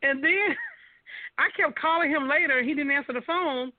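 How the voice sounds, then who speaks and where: A woman's voice: high voice, normal speed, dry recording. A woman hosting a group call, teasing the others and laughing often as she talks. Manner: laughs a lot while teasing. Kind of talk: casual chat. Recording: phone-like line.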